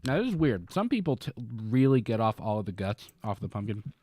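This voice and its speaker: A man's voice: fairly low pitch, big pitch swings, fairly quick, warm tone, dry recording. A man co-hosting a podcast, telling a long story in casual chat, rambling with many fillers and restarts. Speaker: podcast co-host.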